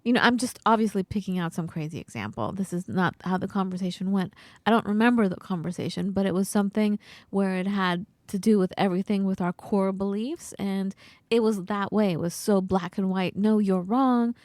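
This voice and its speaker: A podcast co-host chats casually and tells stories with animation, acting out the voices of the people involved. Her medium-pitched voice runs a little fast, with no room sound.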